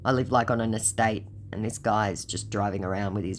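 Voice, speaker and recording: A woman's voice: a bass voice, brisk, a little hiss or hum. A woman casually narrating her chats with a scammer in a dry, sarcastic way. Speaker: scam baiter. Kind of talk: casual storytelling vlog.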